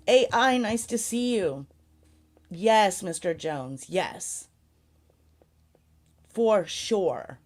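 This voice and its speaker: A woman's voice: medium pitch, expressive, extremely slow, long pauses. A woman hosting a casual live chat, ranting sarcastically, swearing often and laughing a lot. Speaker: livestream host.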